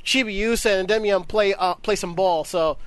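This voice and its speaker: A podcast co-host chatting casually in a relaxed, joking way. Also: medium pitch, moderate pace, clear, resonant tone, no room sound. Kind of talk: casual chat.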